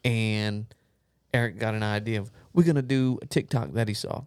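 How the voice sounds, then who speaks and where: A man co-hosting a podcast, telling a story in a relaxed, casual chat. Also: lowish voice, moderate pace, smooth. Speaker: podcast co-host.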